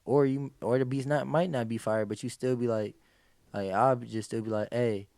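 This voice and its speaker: A man with a mid-range voice and some vocal fry speaks at normal speed in clean studio sound without echo. As a podcast guest, he tells lively, slang-packed, profane stories and acts out people's quoted exclamations.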